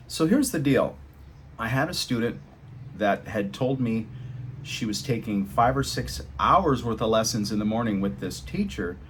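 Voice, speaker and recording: A man teaching English to camera in a casual, animated way, jumping up in pitch to stress his points. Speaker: English tutor.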